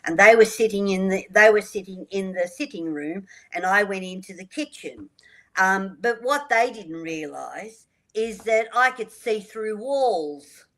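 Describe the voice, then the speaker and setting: An older woman, a radio guest telling her life story in a lively way and acting out the dialogue. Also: mid-range voice, unhurried, low-quality recording. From Australia. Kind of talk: storytelling interview.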